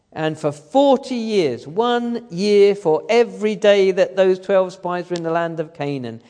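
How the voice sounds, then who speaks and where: Male guest preacher, a little high-pitched, storytelling sermon with rhetorical questions, recorded in a church with long reverb. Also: warm tone. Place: church hall.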